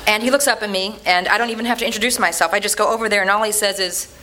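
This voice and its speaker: A woman giving a dramatic reading of a personal letter in an animated, conversational storytelling manner. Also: mid-range voice, brisk, slight background noise.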